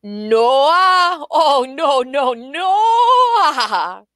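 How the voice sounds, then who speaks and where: A woman voicing a tiny, teasing, tailed imp who cries out in shrill, gleeful taunts. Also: big pitch swings, extremely slow, fairly bright tone, dry recording, clean studio sound, exaggerated voice. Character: tiny impish flying male creature with a tail, gleeful and teasing.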